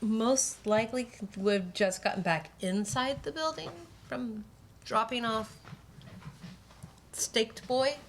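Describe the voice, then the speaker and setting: A woman's voice: a little high, slow, a little hiss or hum. A woman playing a tabletop game, thinking aloud in an easygoing way about her character's next move. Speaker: player.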